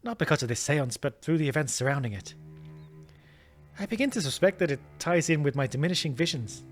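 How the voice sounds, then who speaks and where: A man voicing an earnest young woman seer with an Irish accent, speaking softly and apologetically while reading game dialogue aloud. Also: fairly high pitch, lively intonation, a little fast, soft background music, pitched above the performer's own voice, lightly acted.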